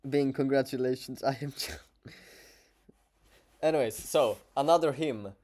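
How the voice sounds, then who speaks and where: A man with a Swedish accent talks loosely to his livestream chat, stumbling and restarting his sentences as he goes. His voice sits at an ordinary middle pitch for a man. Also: darkish tone. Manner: halting, stammering, many restarts. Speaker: streamer.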